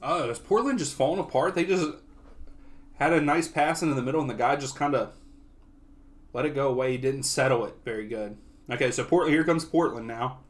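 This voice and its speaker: A young man hosting a soccer watch-along, giving casual live play-by-play that often turns excitable. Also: mid-range voice, fairly quick. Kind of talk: live match commentary.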